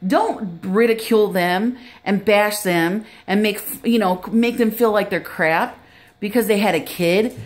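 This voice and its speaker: A woman's voice: medium pitch, measured pace. A middle-aged woman, a grandmother, giving earnest, preachy advice in a casual vlog. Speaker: grandmother vlogger.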